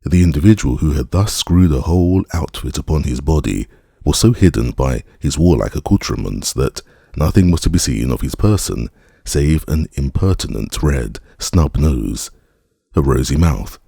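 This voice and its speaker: A man reading a classic novel aloud as an audiobook narrator, in a measured, unhurried way. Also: a bass voice, expressive, creaky, dark tone, husky, no room sound, studio quality.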